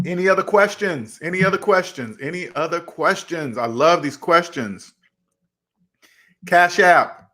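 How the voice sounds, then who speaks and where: A young man hosting a casual livestream about money, animated and acting out both sides of imagined conversations as he answers chat. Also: a little high, a little slow. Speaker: finance channel host.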